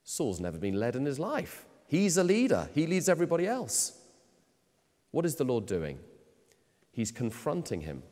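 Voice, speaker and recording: Male preacher, sermon, emphatic delivery, mid-pitched voice, long hall reverb. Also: huge pitch swings, moderate pace. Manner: emphatic, swinging from loud to quiet.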